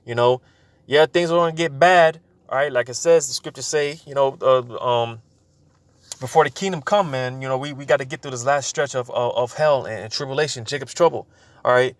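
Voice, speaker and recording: A man's voice: medium pitch, fairly quick. A man giving a casual preaching talk to his channel, loose and informal, full of fillers and repeated words. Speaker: religious video host.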